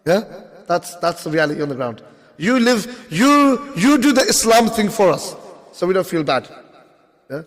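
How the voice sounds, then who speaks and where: A man's voice: on the high side, fast talker. A man voicing a smug, complacent Muslim man who excuses himself, in a mocking sing-song way, recorded in an echoey mosque hall.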